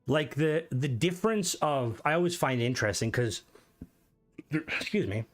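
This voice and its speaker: A young man from Ireland with a softened Irish accent, casually chatting on his livestream, rambling, swearing and greeting viewers as he reads their comments. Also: medium pitch, lively intonation, moderate pace, faint music behind. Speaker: streamer.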